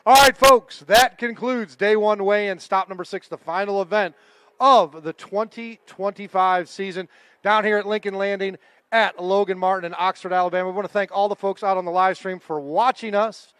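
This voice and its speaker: A man's voice: high-pitched, steady tone, moderate pace, fairly bright tone, clear, resonant tone, dry recording. A man emceeing a fishing tournament weigh-in live, chatting and joking with the anglers and crew. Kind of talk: live event emceeing with casual banter.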